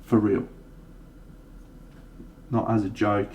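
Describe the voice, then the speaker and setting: A man's voice: lowish voice, little pitch movement, takes it slowly, highs cut off, slight background noise. A young Australian man chatting casually and laughing easily while painting models on a live stream.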